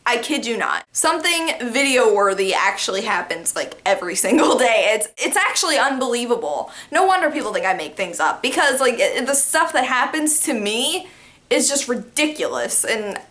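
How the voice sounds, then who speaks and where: Lively, bright-voiced young woman. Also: a little high, normal speed. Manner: animated, laughing, lots of "like" fillers. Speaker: YouTuber telling stories. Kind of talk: casual storytime vlog.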